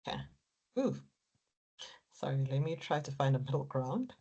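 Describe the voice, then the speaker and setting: Woman lecturer, low voice, encouraging, walks students through steps. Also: sing-song, moderate pace, warm tone, slightly rough, highs cut off. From Africa. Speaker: accounting lecturer. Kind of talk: exam technique lecture.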